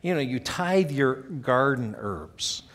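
A man's voice: mid-range voice, animated, slow pace, fairly bright tone. A man preaching a sermon in an earnest, conversational way, often checking in with his listeners with rhetorical asides. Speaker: pastor.

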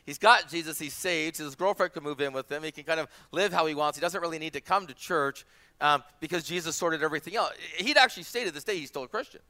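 Male pastor, 40s, bright and somewhat high voice, conversational sermon with rhetorical asides. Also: fast.

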